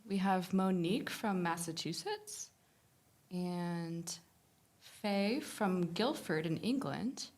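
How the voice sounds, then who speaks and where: A woman co-hosting a live-stream art lesson. She chats easily and reads viewer questions aloud in a fairly low voice. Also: animated, slow, a little mellow. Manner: chatty, laughs often. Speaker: co-host reading viewer comments.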